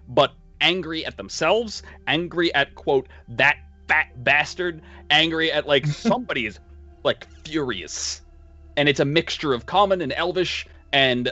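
A man's voice: on the high side, a bit bright, muffled recording. A man narrating as game master, loose and profane, laughing between lines.

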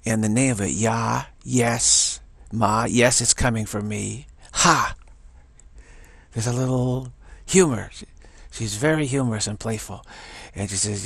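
A man's voice: fairly low pitch, a little slow, vocal fry, a bit bright, husky, dry recording. A man telling a rambling, enthusiastic story in a casual monologue, often restarting his sentences.

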